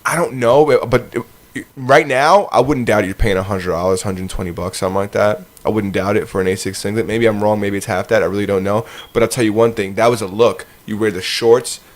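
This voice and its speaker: Low-voiced chatty man. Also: brisk. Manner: chatty, interjecting, swears casually. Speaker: podcast co-host. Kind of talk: casual chat.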